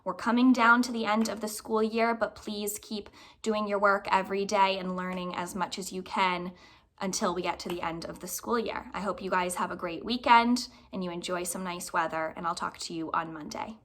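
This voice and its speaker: A woman teaches a recorded phonics lesson to her young class. She talks clearly and patiently, with an encouraging tone. Her voice sits at an ordinary middle pitch. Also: fairly even intonation, normal speed, fairly bright tone, a little hiss or hum. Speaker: elementary school teacher. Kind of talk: remote phonics lesson for children.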